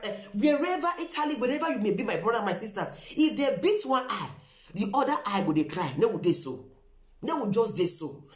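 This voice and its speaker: Brief: Nigerian-accented woman vlogger, animated higher voice, emphatic and repetitive, echoey room. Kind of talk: impassioned appeal to viewers.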